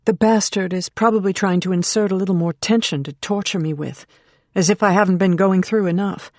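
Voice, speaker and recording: An audiobook narrator voices an adult woman, a determined mother under strain, negotiating tensely and bitterly for her son. The narrator's mid-range, darkish voice runs a little fast with fairly even intonation, natural and in a dry recording.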